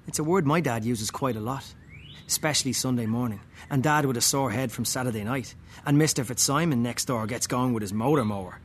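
A man reading a first-person story aloud, slow and wry, with muttered, dry asides. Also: mid-range voice, slight background noise.

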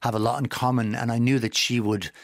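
A man guest on a radio arts show, talking in a halting way and searching for words, recorded in a studio. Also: mid-range voice, little pitch movement, vocal fry, no echo. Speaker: musician guest. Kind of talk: casual radio interview.

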